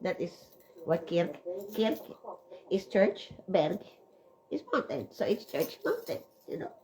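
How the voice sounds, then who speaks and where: A Swiss woman vlogs in a fairly low, sing-song, dark voice, speaking slowly on a low-quality recording with a little hiss or hum. Her personal vlog rambles; she's chatty and emotional, tearful at times, and uses many fillers.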